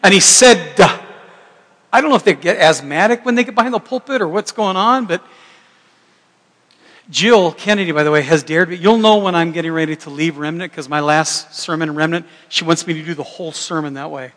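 A man's voice: on the high side, a little fast, fairly bright tone, big-room sound. A middle-aged man preaching a sermon as pastor, conversational and joking, with rambling restarts.

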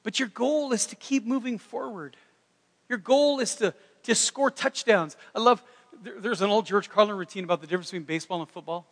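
A man preaching a sermon in a folksy, animated way, breaking into loud shouted impressions. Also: high voice, brisk, long reverb tail. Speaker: pastor.

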